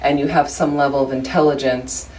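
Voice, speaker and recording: Woman dharma teacher, low voice, informal and joking, picked up from across the room, faint hiss. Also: fairly even intonation, a little fast, a little mellow. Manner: chatty, humorous, conversational with frequent asides. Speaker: Buddhist study group teacher. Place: room with a small group of listeners. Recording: distant room recording, faint background noise.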